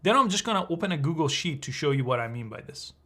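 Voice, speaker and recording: Young guy, bit high voice, chatty upbeat tutorial host going step by step. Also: big pitch swings, quick pace, sharp tone. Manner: upbeat, conversational, says "right?" often. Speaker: channel host. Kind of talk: screen-recorded tutorial.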